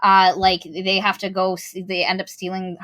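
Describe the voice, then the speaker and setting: A woman co-hosting a podcast, chatting casually about a book, animated and swearing freely while acting out the characters. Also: mid-range voice, moderate pace. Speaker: podcast co-host. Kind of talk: casual book-critique chat.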